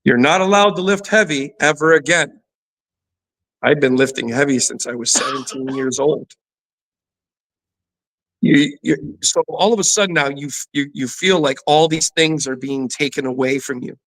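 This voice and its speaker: A man's voice: on the high side, moderate pace, a bit bright, poor audio. A middle-aged man, a former athlete turned fitness trainer, candidly telling a personal story in an interview, full of "you know" fillers. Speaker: guest, former pro football player and fitness trainer.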